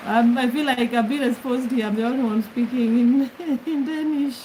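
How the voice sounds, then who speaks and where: A middle-aged woman with a slightly high voice talks casually into her phone from her bed. She chats with commenters one by one and laughs easily. A faint background hiss sits under her voice. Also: steady tone, normal speed, mellow, rough recording. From Kenya. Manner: chatty, greets commenters, laughs often. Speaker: livestream host. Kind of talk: casual livestream chat. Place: bedroom, lying on her bed.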